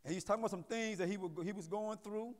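A man preaches a sermon in a church sanctuary. He throws questions out to the congregation, repeats his key words and builds to loud emphasis. A long reverb rings behind his voice. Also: high-pitched, fast. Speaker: pastor.

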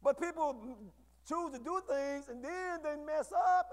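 A man preaching a sermon to his congregation, with call-and-response and bursts of shouting. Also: very high-pitched, unhurried. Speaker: pastor. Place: church sanctuary. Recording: echoey hall.

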